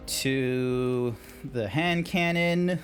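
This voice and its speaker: A man's voice: medium pitch, extremely slow. An Australian man streaming a video game, talking to himself and to his chat in a rambling way. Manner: chatty, rambling self-talk. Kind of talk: casual gameplay commentary. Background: game music.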